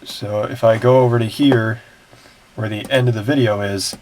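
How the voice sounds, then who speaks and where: Recording his screen at home, a siren-enthusiast creator rambles through a video reaction and viewer questions in a technical, matter-of-fact way. He speaks at normal speed in a fairly low, darkish voice with fairly even intonation, over a slight hiss or hum.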